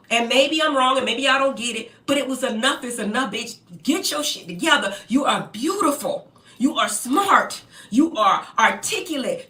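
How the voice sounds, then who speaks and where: Blunt animated woman in an echoey room. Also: fairly high pitch, distant mic. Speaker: reality TV personality. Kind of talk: casual storytelling to camera. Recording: echoey room, voice a bit off-mic.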